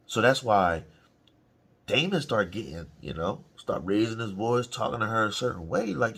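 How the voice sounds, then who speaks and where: A man's voice: lowish voice, animated, moderate pace, creaky, fairly bright tone, husky. A man giving casual, profane, slang-heavy reaction commentary on a TV episode. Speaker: reaction channel host.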